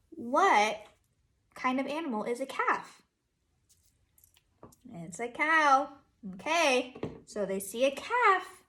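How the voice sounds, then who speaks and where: A young woman teacher with a high, bright voice reads a picture book aloud to small children. She takes her time, drawing out each line in a sing-song way. She breaks into playful animal and tractor sounds between questions. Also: very animated, takes it slowly, pauses often.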